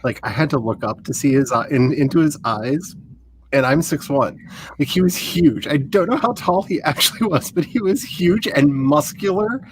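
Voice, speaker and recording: A man chatting casually and excitably, laughing easily and telling stories theatrically. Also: fairly high pitch, moderate pace, a little hiss or hum. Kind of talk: casual chat.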